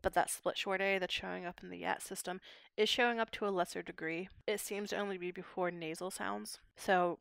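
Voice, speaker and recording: A woman's voice: lowish voice, steady tone, brisk, creaky, a bit bright, clear, resonant tone, no echo, studio quality. A young woman from Pittsburgh, a linguistics PhD student explaining her research in a podcast interview, articulate and academic. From Pittsburgh, USA. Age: young adult.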